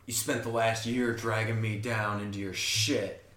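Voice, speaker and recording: A man's voice: lowish voice, little pitch movement, a little slow, a bit bright, reverberant, faint music behind. A man co-hosting a podcast, telling rambling stories in casual chat, swearing and acting out other people's voices. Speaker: podcast co-host.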